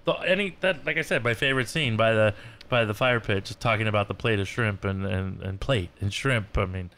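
A man's voice: fairly low pitch, fairly quick, fairly bright tone. A man co-hosting a casual film talk, rambling with fillers and restarts. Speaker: podcast co-host.

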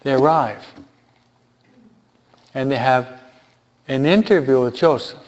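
A man with a mid-range, slightly mellow voice speaks slowly, giving informal Bible teaching. He poses rhetorical questions to his listeners and repeats key points for emphasis. The recording is dull and lo-fi.

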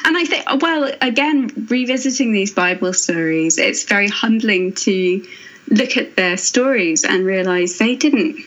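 A woman author speaking as a guest, thoughtful and earnest, pausing and restarting as she reflects on faith. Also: mid-range voice, lively intonation, fairly bright tone, dull audio. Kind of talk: reflective faith podcast conversation.

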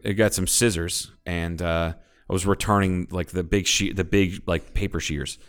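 A deep, smooth-voiced man from Ohio spins a long, cursing anecdote on a casual podcast. He backtracks and restarts often, then pushes ahead with animated, blunt emphasis. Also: normal speed. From Ohio, United States. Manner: profane, animated storytelling with frequent restarts. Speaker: podcast co-host. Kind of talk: casual storytelling chat.

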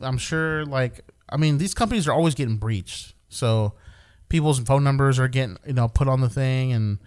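A man's voice: medium pitch, moderate pace, darkish tone, smooth. A man telling a rambling, profane story in casual chat with friends, often laughing. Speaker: podcast regular telling a story.

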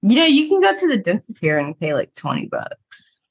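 A woman's voice: medium pitch, huge pitch swings, normal speed, gravelly, slightly rough. An American woman co-hosting a podcast in a casual, rambling chat, filling her speech with "like" and laughing easily. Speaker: podcast co-host. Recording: dull lo-fi sound.

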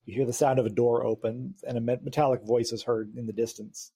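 Man, game master, husky voice, narrating a tabletop game. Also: mid-range voice, little pitch movement, quick pace, few pauses, mellow, no room sound. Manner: theatrical reading of a recorded diary.

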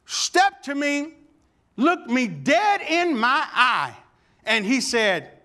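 A married man preaching a sermon, telling a funny personal story that builds into animated, shouted calls to worship. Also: extremely high pitch, takes it slowly.

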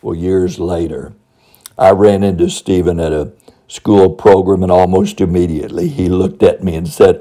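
A man's voice: deep voice, fairly even intonation, normal speed. An older man, a former school principal, telling funny stories from his school days in a folksy, chuckling way. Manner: warm anecdotal delivery, chuckling asides. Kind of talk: folksy spoken storytelling.

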